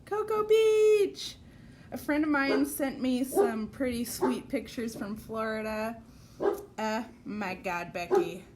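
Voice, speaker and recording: Bubbly high-voiced woman livestream host. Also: steady tone, a little slow, very noisy. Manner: bubbly, greets viewers by name. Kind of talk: casual livestream chat. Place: dining room at home. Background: rain and a barking puppy.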